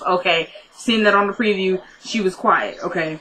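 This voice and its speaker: A woman's voice: mid-range voice, fairly even intonation, brisk, few pauses, pushed and bright, rough recording. A woman casually recapping a TV drama episode, chatty and retelling scenes by quoting the characters.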